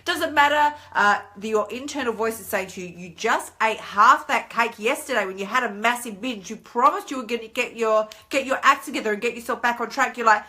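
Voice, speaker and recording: Aussie lady chatting on a live stream, bright voice, a bit high, acts out her inner voices. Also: a little fast, hardly any pauses. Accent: Australian. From Australia. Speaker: weight-loss coach hosting a live stream. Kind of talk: casual live-stream talk.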